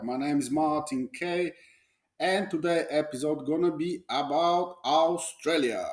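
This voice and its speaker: A man's voice: fairly high pitch, normal speed, darkish tone. Sarcastic, profane man in an echoey room. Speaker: podcast host. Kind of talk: casual comedic monologue.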